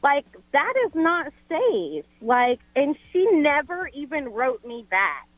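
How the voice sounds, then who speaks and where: A woman's voice: sits high, sing-song, takes it slowly, no echo. A woman calling in to a radio show, telling a complaint in a rambling, exasperated way with lots of "like". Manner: exasperated, filler-heavy storytelling. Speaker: caller. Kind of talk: casual call-in chat. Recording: tinny phone line.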